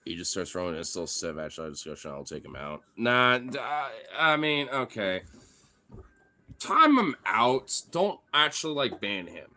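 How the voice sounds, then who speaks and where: A man streaming live while playing with his pets, excitable, coaxing and teasing them and swearing a lot. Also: medium pitch, unhurried. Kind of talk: casual live-stream chat.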